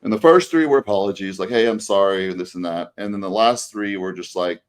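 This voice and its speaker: A man with a low voice tells a story on a podcast, looping back through fillers and false starts. His delivery is loose and conversational, a co-host talking with a friend. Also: brisk, hardly any pauses, clean tone. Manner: rambling anecdote with many fillers and restarts. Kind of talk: casual storytelling chat.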